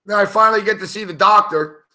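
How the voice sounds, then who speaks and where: A man's voice: high-pitched, fast. A young man telling a rambling story on a chat show, swearing constantly as he talks. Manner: rambling, animated anecdote telling. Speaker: show panelist.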